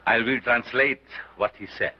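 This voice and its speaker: A man's voice: medium pitch, normal speed, natural voice. An actor playing a commanding showman doctor with an unusual foreign accent, declaiming to a crowd in 1930s film style. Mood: solemn. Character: sinister male showman doctor, grandiose and commanding. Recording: dull old film soundtrack with hiss.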